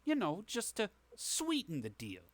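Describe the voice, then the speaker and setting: A man voicing a shady, smooth-talking dealer who drops veiled threats. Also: high-pitched, huge pitch swings, no room sound, voice pushed up, full character voice. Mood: wheedling. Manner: oily, veiled threats, hesitant pauses.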